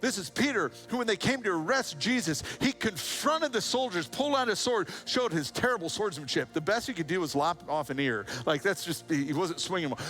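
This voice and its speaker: A man preaching a sermon as pastor, telling a Bible story with humorous asides and acted-out voices. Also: high voice. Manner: animated storytelling, acts out voices and a rooster crow.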